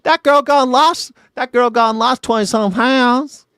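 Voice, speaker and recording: A man voicing a loud, crude Southern male friend with an exaggerated South Carolina drawl. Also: very high voice, a little slow, clean tone, dry recording, clean studio sound, pitched above the performer's own voice. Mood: hollering.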